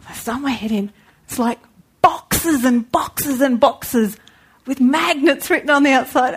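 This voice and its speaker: Animated woman telling a story. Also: high-pitched, measured pace, breathy edge. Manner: animated, acts out the people in her story. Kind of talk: storytelling sermon.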